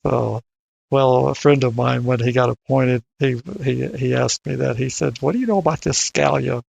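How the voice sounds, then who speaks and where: A man's voice: mid-range voice, normal speed, vocal fry, darkish tone, breathy edge, dry recording, muffled recording. An older man co-hosting a casual podcast discussion, often repeating words as he starts his sentences. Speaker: podcast co-host.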